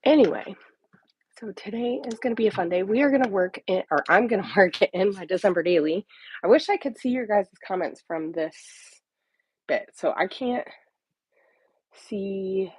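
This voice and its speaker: A woman's voice: mid-range voice, moderate pace, darkish tone, breathy edge, no echo, rough recording. A woman hosting a casual crafting livestream from home into a phone or tablet mic, rambling and dropping into half-whispered asides to herself. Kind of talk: casual live-stream chat.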